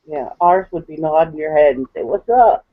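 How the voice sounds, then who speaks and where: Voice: mid-range voice, steady tone, brisk, no room sound, narrow, tinny audio. A guest with a Pittsburgh accent in a casual chat over a video call, easygoing, giving brief answers.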